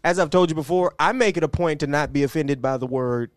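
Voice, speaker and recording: A man's voice: fairly high pitch, fast, no room sound, clean studio sound. A man co-hosting a casual sports podcast, giving opinionated takes and laughing easily. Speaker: podcast co-host.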